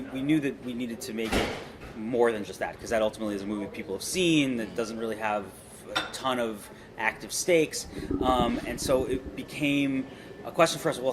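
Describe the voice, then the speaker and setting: Rambling self-deprecating male director. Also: mid-range voice. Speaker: film director and co-writer. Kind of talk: casual interview answers. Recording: noisy background ambience.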